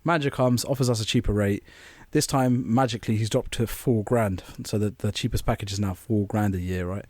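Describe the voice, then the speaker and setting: Man telling an animated story. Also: lowish voice, brisk, hardly any pauses, no echo. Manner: animated storytelling with swearing and laughter. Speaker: podcast co-host. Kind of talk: casual chat.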